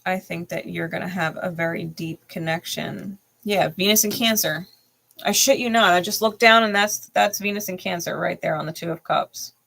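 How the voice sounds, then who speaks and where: Brief: low, gravelly woman reading tarot live, blunt and profane, laughs a lot. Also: normal speed, a bit bright. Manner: emphatic, repeats phrases. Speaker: tarot reader and channel host.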